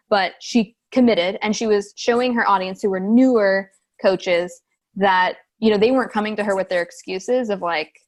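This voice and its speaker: Animated woman telling coaching stories. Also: mid-range voice, brisk. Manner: animated storytelling, acts out quoted voices. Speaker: business coach, podcast guest. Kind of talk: casual podcast interview.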